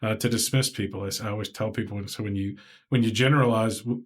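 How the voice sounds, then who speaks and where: Fast-talking Southern man hosting a podcast. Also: on the low side. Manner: rambling, animated, acts out quoted voices. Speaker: podcast host. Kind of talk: casual interview chat.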